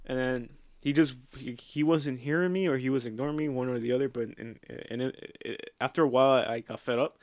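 A man's voice: mid-range voice, fairly quick, few pauses, no room sound, studio quality. A man telling a story in casual chat, laughing often, swearing freely and dropping in Spanish slang.

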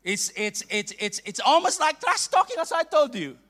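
A middle-aged man with a Filipino accent preaching a sermon as a bishop, playful and animated, with laughs and asides. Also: very high voice, moderate pace. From Philippines.

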